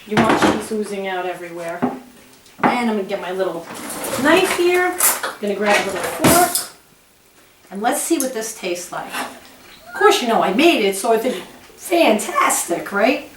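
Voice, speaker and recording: A woman's voice: medium pitch, very animated, normal speed, long pauses, heavy background noise. A woman hosting a home cooking demonstration in her kitchen, chatty and gushing with exclamations. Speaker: cooking show host. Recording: echoey kitchen with the mic at a distance.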